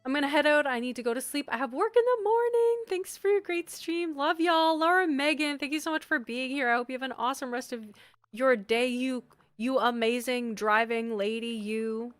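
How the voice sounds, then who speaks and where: A Canadian woman chatting on a live stream, reading chat aloud and reacting with sudden bright exclamations. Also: sits high, moderate pace, no room sound, faint music behind.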